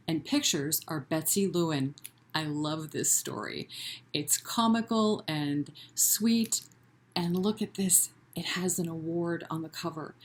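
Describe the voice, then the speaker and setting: A woman leading a children's library storytime, reading a picture book aloud in an animated way and inviting the children to chant along. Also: low voice. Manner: gentle and encouraging with children.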